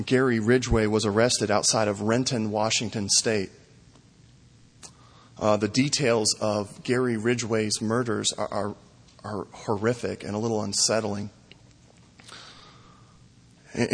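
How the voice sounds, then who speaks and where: A man's voice: medium pitch, husky. A man preaching a sermon as pastor, earnest and repeating phrases for emphasis. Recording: long hall reverb.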